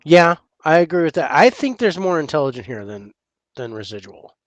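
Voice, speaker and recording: A man co-hosting a casual chat over drinks, talking in a halting way and repeating words as he thinks. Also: on the high side, big pitch swings, no room sound. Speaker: podcast co-host.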